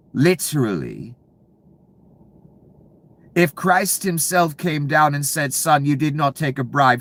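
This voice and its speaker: Angry ranting man, lively swings. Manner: profane, ranting, swings between low mutters and loud bursts. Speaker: commentary channel host. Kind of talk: angry political rant.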